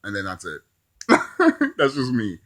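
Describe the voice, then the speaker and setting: Laughing, rambling man with lively pitch. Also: slow pace. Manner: rambling, laughs often at own jokes. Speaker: movie reviewer. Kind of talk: casual spoken review.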